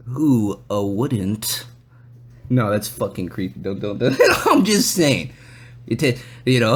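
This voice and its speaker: A man hosts a casual podcast and tells a story in a loose, meandering way. His speech is full of swearing and fillers as he wanders through the tale. He often slips into quick impressions of other people's lines. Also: medium pitch, huge pitch swings, husky. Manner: loose and rambling, swears a lot; acts out other people's lines in quoted voices. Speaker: podcast host.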